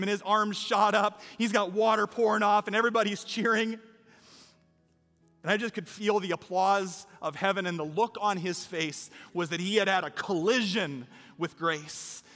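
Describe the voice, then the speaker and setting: A man's voice: high-pitched, fairly bright tone. A man preaching a sermon, telling a story in a conversational way and building to an exhortation to his congregation. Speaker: pastor. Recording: reverberant hall with faint music.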